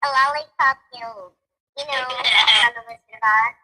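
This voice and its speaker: A woman's voice: a little high, steady tone, unhurried, bright, forceful tone, slightly rough. A woman in casual chat, playful and giggly.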